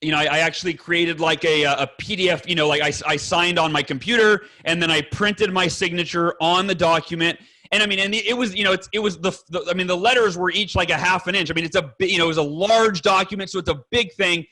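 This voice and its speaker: A man's voice: high-pitched, fairly even intonation, fast, sharp tone, poor audio. A man speaking as a guest on a podcast, earnest and emphatic, talking bluntly with fellow fathers and swearing now and then. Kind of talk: candid podcast conversation.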